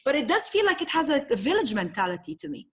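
A middle-aged Lebanese woman, a poet, telling her story in a candid interview, animated, swearing freely and mixing in Arabic phrases. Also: high voice, quick pace, breathy edge. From Tripoli, Lebanon. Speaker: poet, guest.

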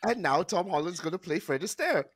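Man, casual chat, lively pitch, slightly high voice, swears. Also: fairly quick, slightly rough, no echo, studio quality. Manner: storytelling, laughs often, swears casually.

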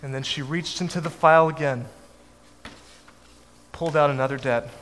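A man telling a family story to an audience in a measured way, with his voice dropping softly at the ends of lines. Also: fairly high pitch, steady tone. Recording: echoey hall, faint background noise.

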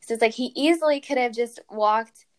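Young woman reflecting in lively chat. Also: a little high, fairly quick. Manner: animated, exclaiming, lots of "like". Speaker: co-host reflecting on scripture. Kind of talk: casual Bible study chat.

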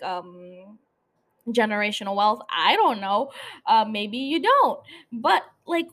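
A young woman hosting a casual recap podcast, animated and swearing freely, laughing often as she talks. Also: sits high. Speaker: podcast host.

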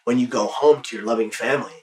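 A man's voice: mid-range voice, fast, roomy sound, distant mic, slight background noise. A man hosting a podcast who talks about his work as a motivational speaker, telling stories with emphatic energy. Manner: emphatic, acts out his crowd chants loudly. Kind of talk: casual podcast conversation.

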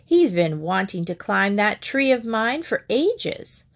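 A woman's voice: mid-range voice, big pitch swings, takes it slowly, vocal fry, heavily acted. A woman voicing a kind elderly woman who helps children, in a cheerful, reassuring way.

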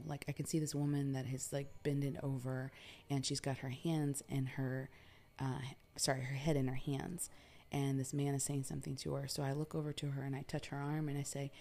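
A woman from New York recounts a story in loose, chatty talk. Her voice is very low and mellow. She peppers her speech with fillers and swears freely. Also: steady tone, measured pace. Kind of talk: casual personal storytelling.

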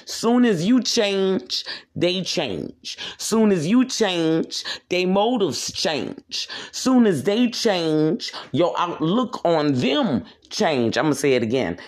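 A man's voice: a little high, expressive, slow. Profane, preachy man. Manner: profane, preachy, repeats points for emphasis. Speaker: podcast host. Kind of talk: solo rant monologue.

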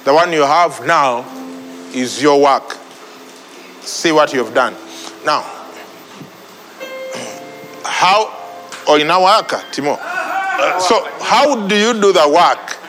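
A man's voice: a little high, animated, very slow, long pauses, a bit bright, long reverb tail, soft background music, low-quality recording. A man preaching a sermon, repeating phrases for emphasis. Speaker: pastor.

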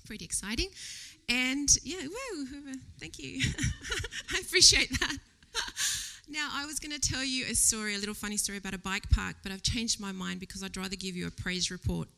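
A woman speaks to a church congregation in a casual sermon, with a bright, ringing tone. She talks in a chatty, animated way, laughs often and lowers her voice to a whisper when she quotes her own thoughts. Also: normal speed, gravelly. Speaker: lay preacher. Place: church service before a congregation.

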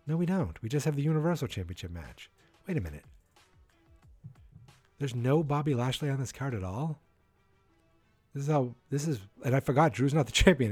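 A man talking through his predictions on a casual solo podcast, his voice mellow and a little husky. He rambles, stops to correct himself and thinks out loud. Faint music plays behind him. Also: medium pitch. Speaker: wrestling podcast host.

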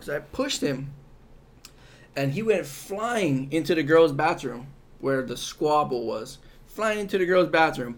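A man's voice: a little high, moderate pace. Profane young man from Hawaii telling stories. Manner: profane, rambling storyteller acting out quotes. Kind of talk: casual chat.

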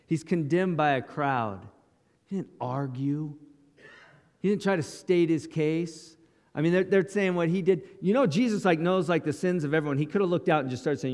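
A man's voice: fairly high pitch, moderate pace, darkish tone, in a large hall. A male pastor preaching a sermon in short, dramatic, emphatic lines.

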